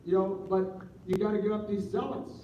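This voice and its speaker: A man talking casually as an interview guest, telling rambling, animated stories with lots of restarts. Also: sits high, a little fast. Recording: distant mic, echoey room, dull sound, faint noise.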